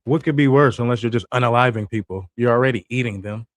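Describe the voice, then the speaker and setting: A man's voice: medium pitch, fast talker, no echo. A young American man giving blunt, slangy livestream commentary and asking his viewers questions. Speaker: livestream reaction host.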